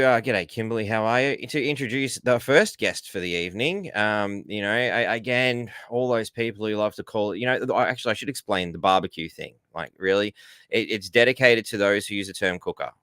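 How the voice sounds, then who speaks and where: A man's voice: lowish voice, a bit bright, no echo, clean studio sound. A man with an Australian accent hosting a casual livestream, rambling and greeting viewers in the chat. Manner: rambling, reads out viewer comments, says g'day and mate. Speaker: livestream host.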